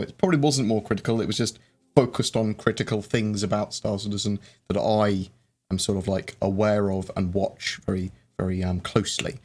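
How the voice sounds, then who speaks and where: A man's voice: lowish voice, darkish tone. A man hosting a casual live chat, rambling and hesitant, with lots of fillers and restarts. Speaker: livestream host. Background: faint background music.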